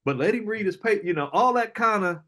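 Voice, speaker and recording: A man's voice: sits high, quick pace. Slangy middle-aged man telling stories. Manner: animated storyteller, slangy, acts out quoted voices, laughs often. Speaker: entrepreneur guest. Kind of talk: casual storytelling interview.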